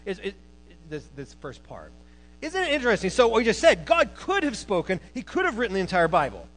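Male preacher with a high voice, lively sermon delivery, punchy emphasis then hushed asides. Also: fairly quick, poor audio. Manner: animated, swings between loud emphasis and quiet asides. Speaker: preacher and college teacher.

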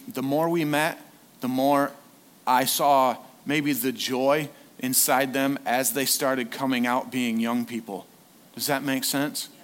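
A man preaching a sermon in a casual, conversational way, often asking the congregation questions. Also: medium pitch. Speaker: lay preacher, former youth leader.

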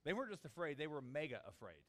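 A man preaching a sermon, animated, acting out the disciples' desperate cries. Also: a little high, fast talker. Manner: animated, acts out voices of the disciples. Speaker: pastor.

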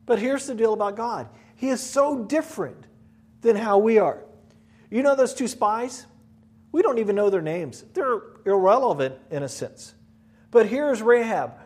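Male pastor, high-pitched, lively storyteller sermon. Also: breathy edge. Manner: animated storytelling, acts out voices.

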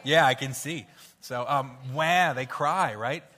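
A man leading an interactive children's Bible story in church, playful and coaxing as he cues the kids to shout sound effects. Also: mid-range voice, measured pace. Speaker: children's pastor. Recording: hall reverb with faint music.

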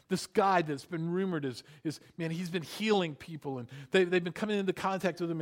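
A man preaching a sermon, animated, building up loud then dropping to hushed emphasis, and having the congregation repeat words after him. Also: high voice. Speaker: pastor.

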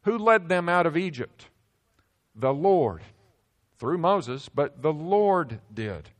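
Man preaching with dramatic hushed drops. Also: fairly high pitch, sing-song, takes it slowly. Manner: preaching with dramatic swings between loud emphasis and hushed drops. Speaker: pastor. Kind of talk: sermon.

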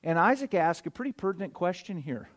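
A man preaching a sermon and reading scripture, speaking emphatically. He swings between loud stresses and quiet asides and keeps checking in with his listeners. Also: sits high, very animated, fairly quick.

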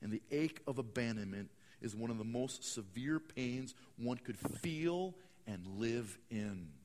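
A man preaching a sermon, swinging from hushed, slow lines to loud, dramatic bursts. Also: mid-range voice, expressive, in a large hall, noisy background. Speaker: pastor.

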